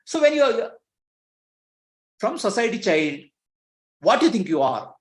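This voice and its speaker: A male spiritual teacher talks to his listeners in an echoey room. His pitch rises and falls freely as he asks them rhetorical questions and chuckles between points. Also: big pitch swings, measured pace.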